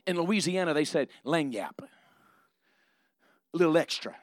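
A man preaching a sermon, moving from quiet asides to loud, fervent preaching. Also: fairly high pitch, animated, normal speed, pauses often, no room sound, studio quality.

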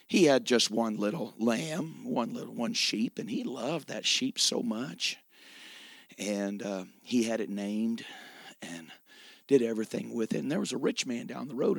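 A man preaching a sermon with emphatic delivery, dramatic pauses and repeated phrases. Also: medium pitch, creaky, dry recording, studio quality.

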